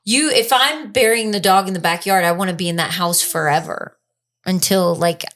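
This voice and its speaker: A woman co-hosting a casual podcast chat, talking in a relaxed, chatty way. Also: fairly low pitch, normal speed. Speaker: podcast co-host.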